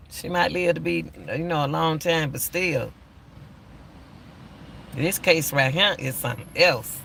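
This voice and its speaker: Older male host, gravelly and bright-toned, emphatic casual commentary. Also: on the high side, a little hiss or hum. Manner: emphatic, repeats himself. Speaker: YouTube commentator.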